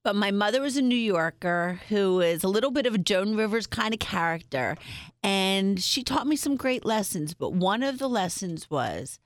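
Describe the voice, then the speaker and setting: A woman's voice: medium pitch, lively intonation, moderate pace, dry recording, clean studio sound. A middle-aged woman guest telling personal stories in an interview, frank and upbeat, using humor. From Springfield, United States.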